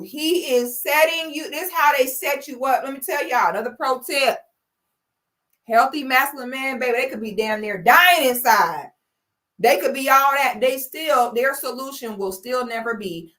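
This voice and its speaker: A woman's voice: fairly high pitch, animated, normal speed, pushed and bright. A young woman hosting a livestream from home, blunt and preachy, talking in slangy casual speech toward a phone or webcam. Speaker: host. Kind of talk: livestream commentary.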